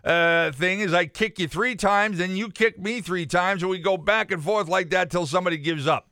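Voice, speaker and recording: A man voicing a gruff elderly Texas farmer while telling a joke on a morning radio show. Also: high voice, moderate pace, bright, forceful tone, no echo, studio quality. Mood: folksy.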